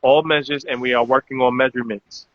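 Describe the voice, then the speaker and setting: A man's voice: medium pitch, steady tone, fast talker, no echo. A man hosting a casual live-stream chat, loose and promotional, with many filler words. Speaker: host. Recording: dull lo-fi audio.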